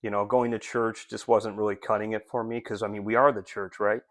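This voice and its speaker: Earnest low-voiced man, dry close sound. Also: level tone, brisk, no room sound. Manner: earnest, rambling with many fillers and restarts. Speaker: street outreach ministry leader. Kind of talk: casual spoken update to supporters. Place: Rochester area.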